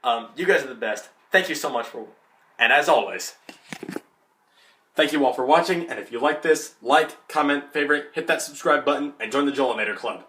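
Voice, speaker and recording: A young man giving a casual, rambling movie spoiler review as a vlogger, excitable and full of fillers. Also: medium pitch, brisk, slight background noise. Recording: echoey room.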